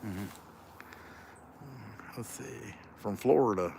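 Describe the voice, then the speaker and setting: A man with a lazy Kentucky drawl rambles through a casual live chat, his voice sitting a bit low. He is out in open farm fields, with faint outdoor noise behind him. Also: takes it slowly, gravelly, long pauses, darkish tone. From Central Ohio. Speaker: livestream host.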